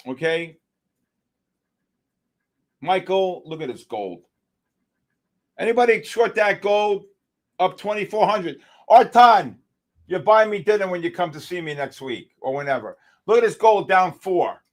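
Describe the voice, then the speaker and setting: A man hosting a live trading stream, giving excitable, exclamatory market commentary and calling out viewers by name. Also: high voice, a little slow, pauses often.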